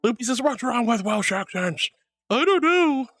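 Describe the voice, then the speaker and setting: A woman streaming live reads her chat aloud, with a voice that swoops up and down animatedly. She is affectionate and laughs often, calling everyone darling and sweetie, with soft music playing quietly behind her. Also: on the high side, very animated, normal speed, dry recording. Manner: affectionate, calls viewers darling and honey.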